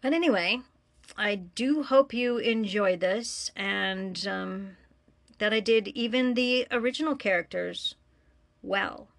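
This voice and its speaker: A woman's voice: mid-range voice, takes it slowly, creaky, a bit bright, no echo, clean studio sound. A woman hosting her own podcast alone in a room, chatting casually and laughing at herself. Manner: chatty, self-deprecating, laughs often. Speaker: podcast host and story reader. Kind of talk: casual solo podcast chat.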